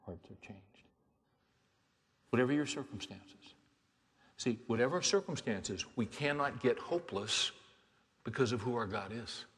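A male pastor preaching a sermon in a large hall where his voice rings with a long reverb. He sinks into soft, hushed asides, then climbs into loud, fervent exhortation. His pitch sits in an ordinary middle range for a man. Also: expressive, measured pace, pauses often.

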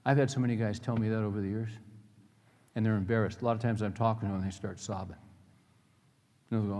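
A man's voice: lowish voice, fairly even intonation, fast talker, long pauses, darkish tone. A middle-aged male pastor preaching a sermon, telling personal stories in earnest, folksy language. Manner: earnest storytelling with plain folksy phrasing. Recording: long reverb of a large hall.

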